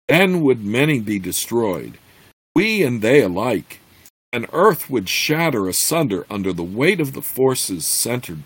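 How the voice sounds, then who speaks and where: A man's voice: lowish voice, breathy edge, no room sound, heavily acted. Man reading as a scheming, proud witch. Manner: measured, formal speech.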